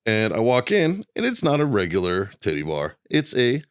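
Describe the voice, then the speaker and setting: A man's voice: medium pitch, huge pitch swings, moderate pace, clean tone, no room sound, studio quality. Profane rowdy man. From South Boston. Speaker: podcast co-host. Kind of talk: casual storytelling.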